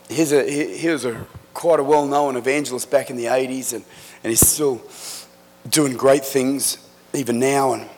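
A middle-aged man preaching a sermon in a church, telling stories with fervent, emphatic delivery that builds to loud climaxes. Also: mid-range voice, breathy edge. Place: church sanctuary. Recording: echoey church hall.

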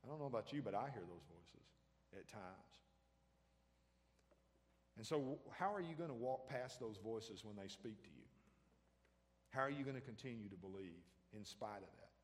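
A man's voice: on the low side, expressive, normal speed, long pauses, big-room sound. A man preaching a sermon as pastor, talking conversationally and throwing questions out to the congregation.

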